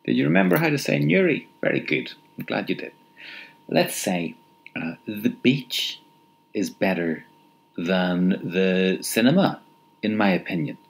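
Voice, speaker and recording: A low-voiced man leads a recorded language lesson at an unhurried pace. His pitch rises and falls a lot as he prompts, and he repeats each phrase patiently, leaving pauses for the learner. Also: lively intonation, gravelly. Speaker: language teacher.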